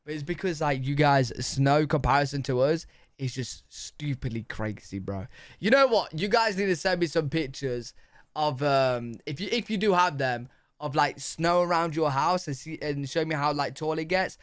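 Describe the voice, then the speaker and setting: A man hosting a reaction video, talking in slangy, excitable, rambling casual commentary. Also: fairly high pitch, moderate pace. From United Kingdom.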